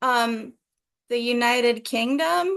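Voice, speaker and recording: A woman's voice: fairly high pitch, slow pace, creaky, fairly bright tone. A young American woman from Los Angeles, a comedian guest chatting on a podcast in a playful, teasing, self-mocking way. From Los Angeles, USA. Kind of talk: casual podcast chat.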